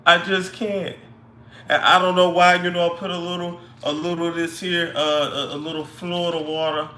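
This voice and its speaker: A man's voice: sits high, animated, unhurried, sharp tone, slight background noise, heavily acted. A man camping up a drawling, fretful woman. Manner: drawling, calls everyone baby. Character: scatterbrained woman fretting over damaged hair. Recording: echoey room.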